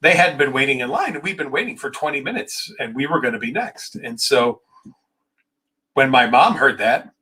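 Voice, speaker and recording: A man who is a clinical psychologist hosting a live Q&A, telling a story in a vivid, dramatic way with quick asides. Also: mid-range voice, expressive, sharp tone, husky, poor audio. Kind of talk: animated personal storytelling.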